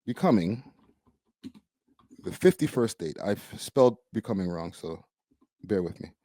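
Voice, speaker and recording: A man's voice: fairly low pitch, animated, unhurried, dark tone, no echo, clean studio sound. A young man from Canada, a streamer host giving a blunt, profane, slangy live-stream reaction.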